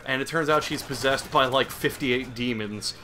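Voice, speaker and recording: A man's voice: medium pitch, normal speed, bright, forceful tone, a little hiss or hum. A young man giving crude, sarcastic comedic commentary over gameplay, rambling and mocking as he goes. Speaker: gaming commentator.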